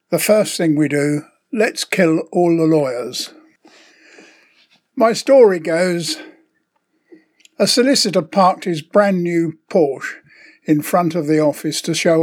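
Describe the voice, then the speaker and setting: A man's voice: fairly high pitch, darkish tone. An older man hosting his podcast, delivering a scripted, sardonic comic monologue. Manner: sardonic, opinionated storytelling. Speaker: podcast host.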